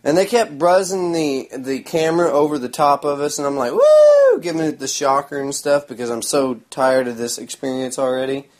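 A man's voice: mid-range voice, steady tone, a little fast, hardly any pauses. A man, telling a rambling story in a sarcastic, crude, mocking way. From Oklahoma. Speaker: vlogger.

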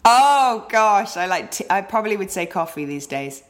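A woman's voice: medium pitch, sing-song, normal speed. A woman with an English accent, chatting as a podcast guest, laughing often and wandering into asides. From Britain. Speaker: interview guest. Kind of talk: casual podcast interview.

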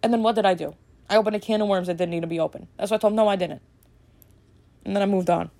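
A woman hosting a casual solo podcast, rambling and chatty with lots of fillers, a little snarky and brisk. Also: mid-range voice, steady tone, creaky, mellow. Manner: rambling and chatty, full of "like" and "you know"; brisk, slightly snarky delivery. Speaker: podcast host.

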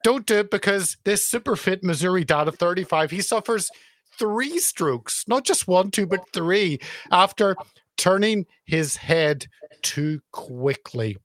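Dry brisk male stream host. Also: sits high, expressive, a bit bright, dry recording. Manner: brisk, reads out viewer comments. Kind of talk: casual stream chat, reading comments.

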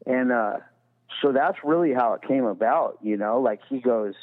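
Through tinny, phone-like audio with long reverb, a man speaks at normal speed in a medium pitch. He's a podcast guest telling a rambling story casually and profanely, full of "you know."

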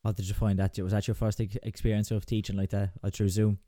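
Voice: low-pitched, level tone, fast talker, mellow. A podcast host asking questions with hesitant restarts. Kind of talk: interview questions.

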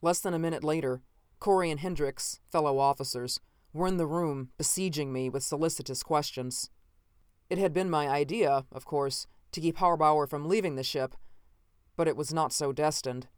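A narrator reading a first-person science fiction story in a measured, dramatic way. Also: medium pitch, smooth, no echo, studio quality. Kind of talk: scripted audiobook narration.

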